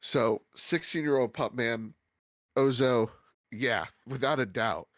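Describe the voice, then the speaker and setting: A man's voice: medium pitch, slow pace, no room sound. A man co-hosting a podcast in casual chat, heartfelt and rambling with many restarts, his nose stuffy. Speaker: podcast co-host.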